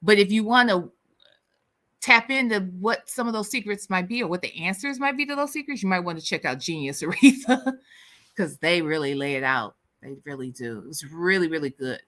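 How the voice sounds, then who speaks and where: A woman from the US Midwest with a light Southern accent, hosting a casual livestream chat with viewers in a sassy, animated way and laughing often. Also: fairly low pitch, fairly quick. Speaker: livestream host.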